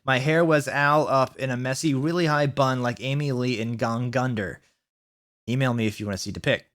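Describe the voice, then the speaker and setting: A man reading a bad story aloud for laughs, deadpan with mocking asides. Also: mid-range voice, normal speed. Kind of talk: comedic dramatic reading.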